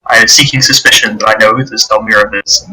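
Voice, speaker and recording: A man voicing an anxious town governor who speaks in a hurried, hushed and pleading way. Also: fairly low pitch, fairly even intonation, low-quality recording. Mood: grave.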